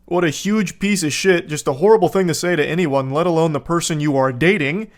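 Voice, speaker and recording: A man in his thirties reading out text messages with dry, deadpan, sardonic commentary. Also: on the high side, fairly quick. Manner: deadpan, sardonic, monotone delivery. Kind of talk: comedic commentary.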